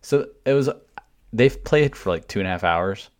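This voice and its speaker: A man's voice: lowish voice, lively intonation, moderate pace, a little mellow. A man co-hosting a podcast, telling a concert story in a blunt, casual way and swearing freely. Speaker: podcast co-host.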